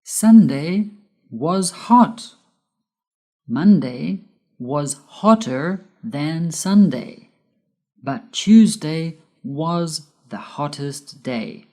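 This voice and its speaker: Slow, low-voiced woman teaching grammar. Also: expressive, warm tone. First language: Spanish. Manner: deliberate, spells out letters, stresses key words. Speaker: English teacher. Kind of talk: slow scripted grammar lesson.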